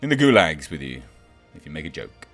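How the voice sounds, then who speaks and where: A deep-voiced man delivers a sarcastic, exasperated rant as a commentator, mocking and scoffing as he goes. Faint music sits quietly behind his voice. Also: very animated, fairly quick. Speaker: YouTube film commentator. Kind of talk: ranting commentary.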